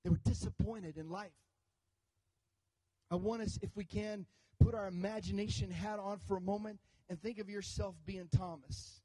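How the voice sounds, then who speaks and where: Male pastor, sermon, joking storyteller, high voice, mellow warm tone. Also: moderate pace, rough recording. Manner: animated storytelling with jokes and audience call-outs.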